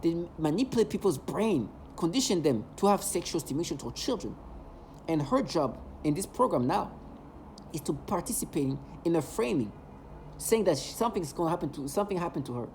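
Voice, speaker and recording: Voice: medium pitch, sing-song, a little fast, darkish tone, slight background noise. A vlogger ranting in an agitated, emotional monologue, hurling repeated insults.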